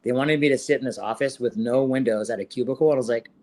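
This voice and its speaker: A man's voice: mid-range voice, quick pace. A man in his forties, a podcast guest and former fighter, telling his story in a casual interview with lots of swearing and acted-out quotes. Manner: profane, animated retelling with quoted dialogue.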